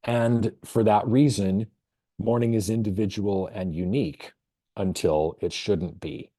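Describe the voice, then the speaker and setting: Low, mellow-voiced man presenting a vet webinar. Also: fairly even intonation, dry recording, studio quality. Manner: thoughtful, storytelling, measured pauses.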